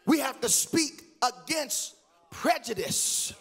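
A man preaching a sermon in a church, shouting and chanting his lines in a sing-song rhythm. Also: extremely high pitch, animated, slow pace, vocal fry. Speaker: guest preacher. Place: church sanctuary.

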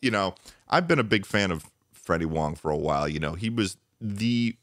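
Young male podcast co-host, low, dry-miked, animated storyteller. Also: moderate pace, no echo. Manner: animated storytelling, jumps high for excited voices; laughs often. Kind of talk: casual chat.

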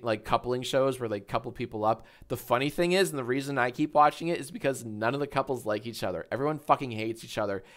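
A man's voice: mid-range voice, a bit bright. A man in his thirties chatting casually on a livestream, telling a story with swearing and frequent laughter. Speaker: streamer.

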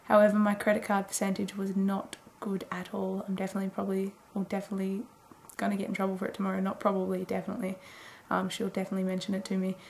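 A woman's voice: mid-range voice, monotone, rapid-fire, creaky, hardly any pauses, a little mellow, slight background noise. A woman in her twenties rambling casually through a late-night video diary, chatty and full of fillers. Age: 20s. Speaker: daily vlogger.

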